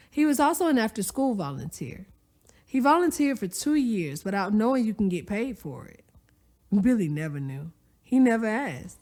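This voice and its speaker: A woman narrating a story aloud, expressive and conversational, with folksy asides to the listener. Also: mid-range voice. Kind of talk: audiobook-style story narration.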